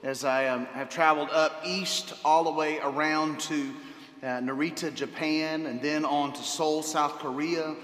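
A man pastor preaching a sermon to his congregation, enthusiastic, often repeating words and pausing with fillers. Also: a little high, steady tone, fairly bright tone. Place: church sanctuary. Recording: long hall reverb.

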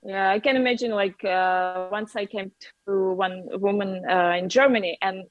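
A woman's voice: mid-range voice, fairly even intonation, moderate pace, lo-fi sound, faint music behind. A woman with a Russian accent, a native Russian speaker, chatting as a guest artist and laughing often. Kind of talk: casual chat.

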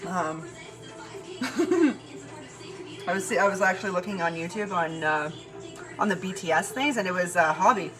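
A woman's voice: on the low side, animated, moderate pace, long pauses. Tired, rambling woman vlogger over music. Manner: chatty, profane, meandering, often laughing. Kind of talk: rambling casual monologue. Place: her bedroom at home. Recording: music loud in the background. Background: music playing.

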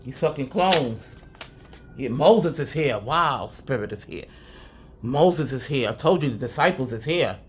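In a rumbling low, expressive, unhurried voice, with a little hiss or hum in the background, a woman gives a casual spiritual reading to her viewers. The intuitive reader swears a lot, stresses her points, chuckles often, and keeps repeating "I'm telling you."

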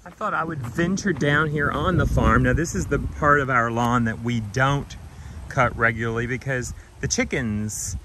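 A man giving a gentle, affectionate walking tour of his farm outdoors, filmed on a handheld camera. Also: medium pitch, moderate pace, noisy background. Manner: gentle, affectionate, talks to trees and animals. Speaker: vlogger touring his farm. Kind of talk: casual walking tour vlog.

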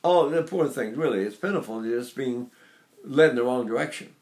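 An older man teaching singing, talking in an animated, digressive way and breaking into sung vocal demonstrations. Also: mid-range voice, brisk. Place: Seattle area.

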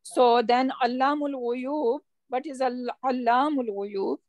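High-voiced woman teaching grammar. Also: slow pace, muffled recording, a crowd in the background. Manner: patient, explanatory, checks understanding with questions. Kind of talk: online class lesson.

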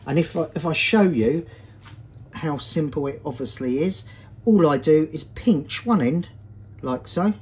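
A man's voice: on the high side, animated, measured pace, a little mellow. A man hosting a cooking show, chatting casually as he walks viewers through each step of a recipe in a kitchen. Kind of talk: cooking demonstration.

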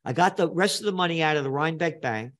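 An older New man tells his story in an interview, blunt and emphatic, hammering key phrases home. His voice sits a touch higher than most men's. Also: quick pace, fairly bright tone. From New York. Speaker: guest. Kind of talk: animated storytelling interview talk.

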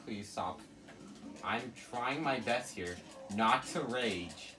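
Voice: mid-range voice, slow pace, music in the background. A gamer giving live commentary over a fighting game, exasperated, exclaiming and pleading at the opponent. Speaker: let's play gamer.

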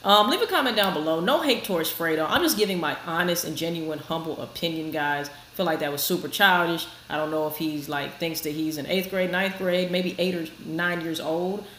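Woman reaction host, lowish voice, frank and chatty, roomy echo, faint hiss. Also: fairly quick, hardly any pauses, fairly bright tone. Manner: frank, chatty, talks to viewers. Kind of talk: casual commentary. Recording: echoey room with faint noise.

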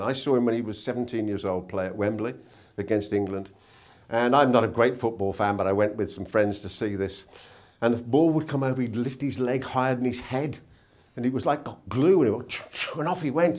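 Brief: male seminar speaker, lively pitch, storytelling, tag questions, hotel conference room. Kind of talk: motivational talk with anecdotes.

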